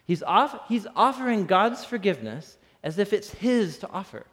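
A man preaching a casual, animated sermon, often breaking into laughter. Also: high voice, normal speed. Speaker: pastor. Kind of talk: conversational sermon. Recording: long reverb in a hall.

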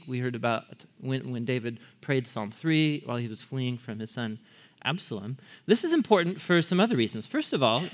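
Man, preacher, conversational sermon, questions to the audience, somewhat high-pitched. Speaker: pastor.

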